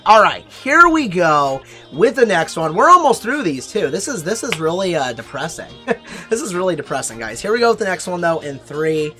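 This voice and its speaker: An animated game commentator whose voice swings up and down, narrating card pack openings with countdowns. The delivery is playfully melodramatic, milking each disappointing pull for comic despair. Faint music plays underneath. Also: mid-range voice, moderate pace. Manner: playfully melodramatic about bad luck; counts down before each reveal. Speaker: mobile game YouTuber.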